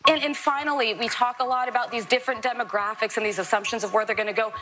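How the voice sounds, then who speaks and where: A woman on a talk panel, arguing quickly and pushing back on others. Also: fairly high pitch, fairly even intonation, pushed and bright. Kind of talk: panel talk show debate.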